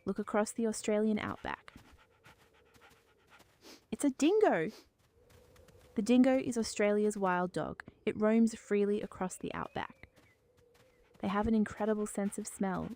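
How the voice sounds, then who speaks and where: A woman reading a scripted animal lesson for toddlers in a slow, cheerful sing-song voice, repeating words for little children to copy. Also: mid-range voice, mellow. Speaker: children's video narrator.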